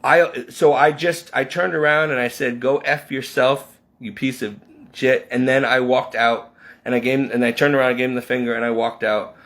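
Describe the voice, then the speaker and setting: A man's voice: mid-range voice, fairly even intonation, brisk, a bit bright. A middle-aged man from Connecticut venting about his past in an impassioned, rambling personal vlog, often restarting his sentences. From Connecticut, USA. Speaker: vlogger.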